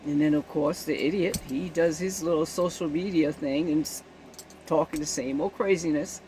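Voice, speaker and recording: A woman's voice: low voice, moderate pace, dark tone, a little hiss or hum, low-quality recording. A woman giving casual spoken commentary on a news event, indignant and emphatic, often checking in with her listeners.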